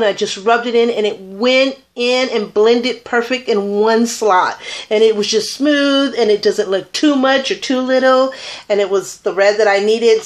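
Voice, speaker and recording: A woman chatting casually through a makeup tutorial, rambling and enthusiastic about her products. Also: a little high. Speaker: beauty vlogger.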